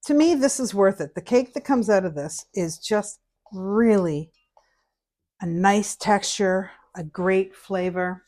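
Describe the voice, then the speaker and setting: A woman's voice: mid-range voice, slow pace, a little mellow. A middle-aged woman from Canada, chatting casually while she teaches a cake recipe and hums to herself as she works. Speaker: cooking instructor. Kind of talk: casual cooking tutorial chat.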